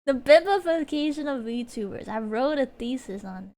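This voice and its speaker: A woman with a notably high voice chats casually on a home stream. She wanders between thoughts, giggles often and restarts sentences. It sounds like an easy, unscripted ramble into a desk mic. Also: expressive, normal speed, a little mellow. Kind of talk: casual chat while streaming.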